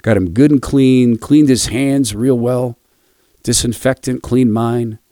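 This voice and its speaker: A man hosting a radio devotional, quietly telling a personal story before closing with a blessing. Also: medium pitch, steady tone, slow pace, no echo, clean studio sound.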